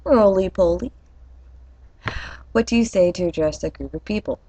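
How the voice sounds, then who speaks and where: A woman's voice: mid-range voice, normal speed, warm tone, lo-fi sound, slight background noise. A young woman from Atlanta, Georgia, with a light Atlanta accent, chatting candidly and casually on a webcam vlog. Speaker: vlogger.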